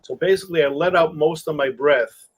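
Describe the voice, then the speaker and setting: Husky man coaching singers. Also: fairly high pitch, rough recording. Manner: halting, restarts often, laughs between points. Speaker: singing coach. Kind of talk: casual group video chat.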